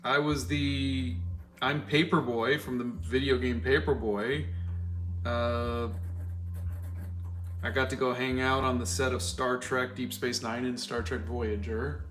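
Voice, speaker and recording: Bright-voiced man in his fifties, chatting while drawing. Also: medium pitch, takes it slowly. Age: 50s. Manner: relaxed, joking, thinking aloud. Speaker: artist and livestream host. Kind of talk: casual livestream chat while drawing.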